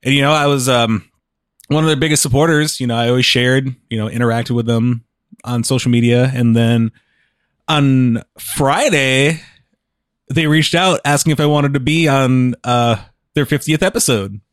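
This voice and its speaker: A man's voice: medium pitch, moderate pace, clear, resonant tone, no room sound, clean studio sound. A man hosting his podcast in casual chat, rambling with many restarts, his voice a bit muffled as he chews food. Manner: rambling, restarts a lot, chuckles. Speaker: podcast host.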